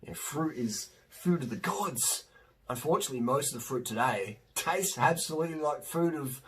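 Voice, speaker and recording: A man's voice: on the high side, animated, moderate pace, fairly bright tone, slightly rough. A middle-aged man, a cyclist, talking casually and emphatically to camera in a rambling, slangy way. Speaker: vlogger and cyclist.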